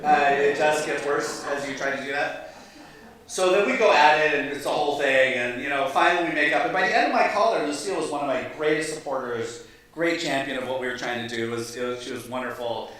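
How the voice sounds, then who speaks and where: Self-deprecating pastor in an echoey hall. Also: male voice, mid-range voice, a little fast, a bit bright. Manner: self-deprecating, chuckling asides. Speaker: pastor and guest speaker. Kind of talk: humorous storytelling talk. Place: large meeting hall.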